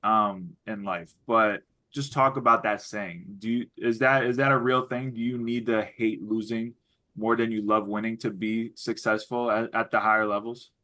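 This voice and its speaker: A man's voice: lowish voice, steady tone, normal speed, pushed and bright. A man interviewing a young athlete, asking long, looping questions full of restarts.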